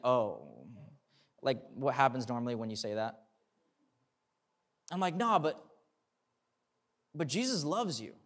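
Earnest young male pastor preaching. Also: sits high. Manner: storytelling, acts out dialogue, earnest preaching. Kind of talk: sermon with personal story.

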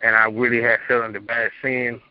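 Over muffled phone-line audio, a young man calls in to a show and earnestly tells his story in a plain, rambling way. His medium-pitched voice shows little pitch movement, he talks a little fast, and the recording is dry.

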